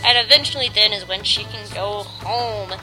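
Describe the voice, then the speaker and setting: A woman's voice: mid-range voice, moderate pace, rough recording. A young adult woman hosting a podcast, retelling a story in a bubbly, chatty way full of filler words. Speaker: podcast host. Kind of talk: casual review chat. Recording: music playing behind.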